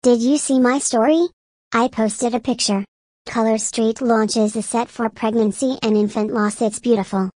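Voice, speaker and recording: A woman voicing a pushy female direct seller who chats up a friend in a breezy, chummy sales pitch. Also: fairly even intonation, moderate pace, darkish tone, lightly acted.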